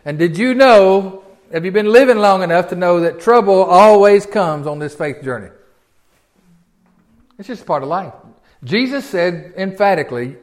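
A man's voice: high voice, animated, normal speed. A man teaching from the Bible in a sermon. He talks in a folksy, conversational way and asks the congregation lots of rhetorical questions. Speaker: pastor.

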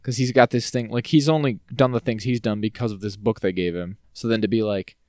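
Male podcast co-host, low-ish voice, fast and rambling, casual and playful, dry close mic. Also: fairly even intonation, a little mellow, no echo. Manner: rambling, playful, acts out lines in silly voices. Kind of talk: casual chat recapping a TV episode.

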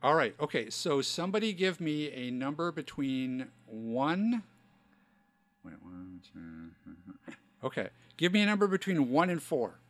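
A man co-hosting a casual podcast, talking in an earnest, relaxed way full of filler phrases. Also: medium pitch, measured pace, no room sound. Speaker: podcast co-host. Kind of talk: casual chat.

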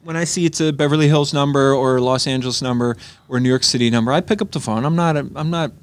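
A man's voice: medium pitch, fast talker. A man co-hosting a casual movie podcast, rambling through stories and acting out bits of dialogue. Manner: rambling storyteller with frequent restarts, acts out dialogue. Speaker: podcast co-host. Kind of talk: casual chat reviewing a movie.

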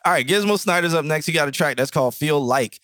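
A man's voice: on the high side, fast, no room sound. A man co-hosting a casual music review podcast, joking and laughing as he chats. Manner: laughing, joking, animated storytelling. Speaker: podcast co-host. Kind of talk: casual chat. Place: indoor studio or living room.

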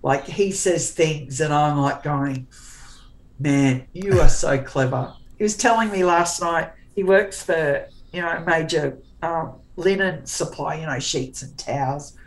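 Low-voiced forthright woman in her forties. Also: low-quality recording. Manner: forthright, sarcastic, talks in quick restarts. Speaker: guest author. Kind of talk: candid interview chat.

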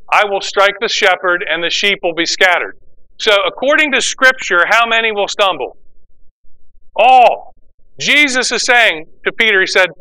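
Man, pastor, animated sermon, clear smooth voice, very bright. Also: high-pitched, low-quality recording. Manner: animated preaching, acts out quoted voices.

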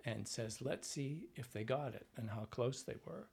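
A Canadian man, a dialect coach, telling animated anecdotes in a relaxed interview and acting out other people's voices. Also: mid-range voice, moderate pace, creaky, slightly rough. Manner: animated anecdotes, acts out voices, frequent fillers. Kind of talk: conversational interview storytelling.

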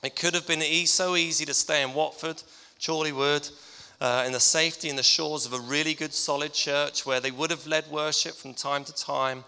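A man's voice: on the high side, fairly even intonation, normal speed, clean tone. A middle-aged man, a pastor giving a teasing, conversational farewell tribute in a church. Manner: warm-hearted, teasing, conversational preaching. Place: church hall, indoors. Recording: long reverb in a church hall.

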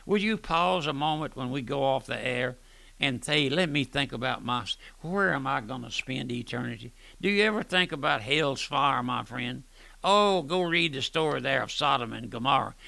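Fervent preacher with a gravelly voice. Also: male voice, a little high, no room sound. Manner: fervent, repeats "my friend", swings loud and soft. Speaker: radio preacher. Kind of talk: radio sermon.

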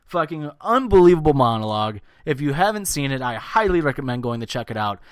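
A man co-hosts a podcast in casual chat, loud and crude, swearing often and sometimes mocking people in put-on voices. His mid-range voice is very animated and fast. The clean studio sound has no room sound.

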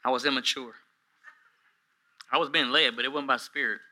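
A man around forty preaching a sermon to a congregation in a church, swinging from hushed asides to shouted peaks, with humorous self-deprecating stories. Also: mid-range voice, steady tone, moderate pace, poor audio. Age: 40s. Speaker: pastor. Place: church hall with a live congregation.

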